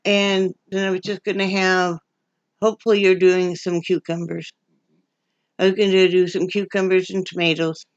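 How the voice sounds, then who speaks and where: A woman's voice: on the low side, little pitch movement, normal speed, no echo, dull audio. A woman from Wyoming chatting at home for her vlog, rambling and restarting her sentences. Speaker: vlogger. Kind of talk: casual home chat. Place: at home, indoors.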